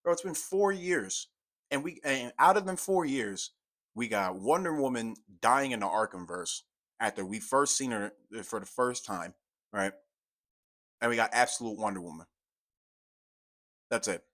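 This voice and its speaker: A young man giving a profane, exasperated commentary rant, swinging from low mutters to loud outbursts. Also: animated, a little slow, long pauses. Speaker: commentary YouTuber. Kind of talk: ranting commentary.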